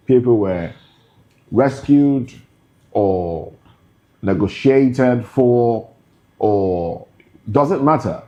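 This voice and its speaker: A man hosting a live discussion, asking measured questions and repeating them slowly. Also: lowish voice, mellow, lo-fi sound. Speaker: host.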